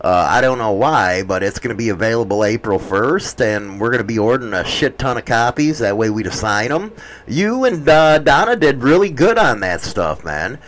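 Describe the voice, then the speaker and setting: Animated teasing middle-aged male host. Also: mid-range voice, moderate pace, poor audio. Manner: crude, teasing, profane. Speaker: show host. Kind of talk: casual banter on a stream.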